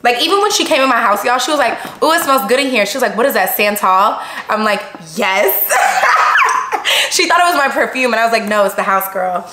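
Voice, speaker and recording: Excitable woman in an echoey room. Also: a little high, quick pace, few pauses. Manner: excitable, gasping, chatty, addresses viewers as y'all. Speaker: vlogger. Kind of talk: casual unboxing vlog. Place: room at home. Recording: echoey room with background noise.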